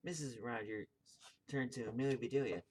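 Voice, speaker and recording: Man reading a kids' book aloud; halting, self-correcting. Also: medium pitch, slight background noise. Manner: stumbles and corrects himself. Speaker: video host reading aloud.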